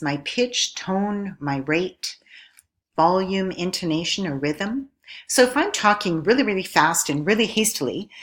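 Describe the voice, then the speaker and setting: A woman giving a recorded lesson, speaking in a clear, measured teacherly way and putting questions to the viewer. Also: sits low. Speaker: instructor.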